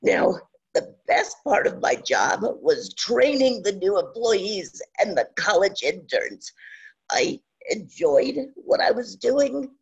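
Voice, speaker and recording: An older instructor in their sixties presents a webinar in a gravelly, badly husky voice that breaks and strains. The delivery is slow and halting, with frequent pauses and fillers. The audio is dull and lo-fi. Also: mid-range voice, sing-song. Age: 60s. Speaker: online instructor.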